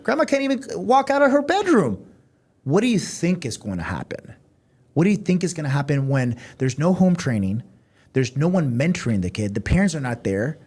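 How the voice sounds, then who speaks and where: Male podcast host, husky and animated, earnest and agreeable. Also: a little high. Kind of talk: casual podcast chat.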